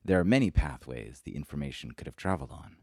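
A man's voice: rumbling low, expressive, fast, warm tone, breathy edge, dry recording, clean studio sound, heavily acted. A man voicing a friendly, awkward android that rambles eagerly with little hesitations. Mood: chatty.

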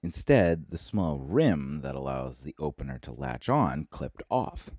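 A man hosting a podcast, reading a scripted story in a measured, steady way on a close mic. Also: extremely low pitch, gravelly, husky, no room sound. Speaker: podcast host.

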